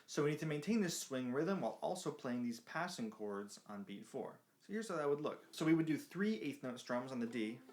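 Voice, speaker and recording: A man's voice: mid-range voice, sing-song, brisk, hardly any pauses, a little mellow. A man teaching a beginner ukulele lesson, explaining patiently and counting beats aloud while he strums. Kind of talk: music lesson. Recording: ukulele playing behind voice.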